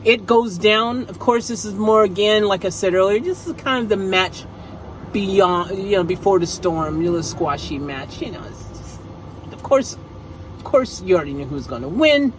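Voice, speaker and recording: A wrestling show recapper in casual chat, speaking at a mid pitch. The talk is slangy and rambling, full of jokey tangents, with faint noise in the background. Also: animated, moderate pace, rough recording.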